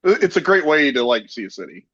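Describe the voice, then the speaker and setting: A man co-hosting a casual chat podcast, talking in a blunt, profane way with deadpan jokes. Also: on the high side, fast talker, no room sound. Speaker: podcast co-host. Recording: dull lo-fi dry sound.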